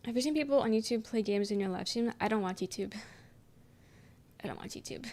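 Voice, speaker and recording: A woman's voice: on the high side, fast, a little mellow. A young adult woman streaming and chatting casually with her viewers, reading their messages aloud and rambling with lots of "um" and "like" and casual swearing. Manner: rambling, filler-heavy, swears casually, frequent "um".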